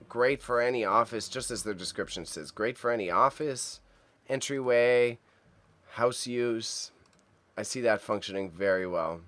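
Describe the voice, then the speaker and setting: A man's voice: lowish voice, a bit bright. Chatty man hosting a livestream. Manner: chatty and upbeat, talks to chat viewers; reads item names aloud and stumbles over tricky words. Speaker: livestream host reacting to auction items. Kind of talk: casual livestream commentary.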